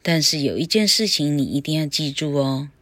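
A woman reading the lines of a kind fairy godmother slowly and clearly in a storybook lesson. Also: low-pitched, lively intonation, fairly bright tone, no echo. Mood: kindly.

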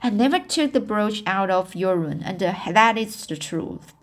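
A woman's voice: mid-range voice, lively intonation, measured pace, faint music behind. A woman reading the part of an imaginative, talkative young girl in an audiobook, earnest and pleading. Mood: solemn.

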